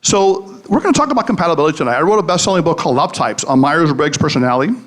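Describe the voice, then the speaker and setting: Man, live comedic talk, high voice, very lively pitch, joking, asks the audience. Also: racing. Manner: joking, anecdote-telling, engages the audience. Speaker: psychologist and podcast host giving a live talk. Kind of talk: comedic motivational speech.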